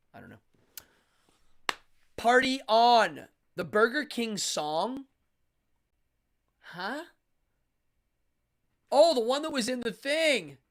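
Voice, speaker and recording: A man's voice: a little high, pushed and bright. A man hosting a live stream, chatting casually and animatedly, greeting viewers and reading the chat aloud into a studio microphone.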